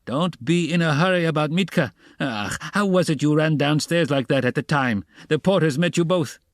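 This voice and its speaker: A man reading the part of an excitable, fussy middle-aged magistrate in an audiobook, insistent and wheedling. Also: on the high side, no echo, clean studio sound, pitched above the performer's own voice, lightly acted. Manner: quick, insistent, wheedling, slipping to mutters.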